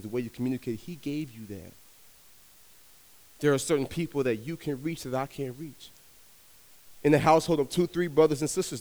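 A young man preaching to a youth audience, telling stories with energy and swinging between soft and loud delivery. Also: medium pitch, big-room sound. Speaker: youth minister. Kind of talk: sermon. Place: large hall with young audience.

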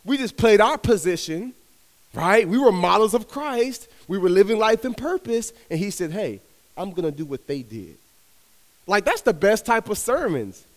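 A young man preaching to a youth audience, telling stories with energy and swinging between soft and loud delivery. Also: high-pitched, very animated, moderate pace, in a large hall. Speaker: youth minister. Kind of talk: sermon. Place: large hall with young audience.

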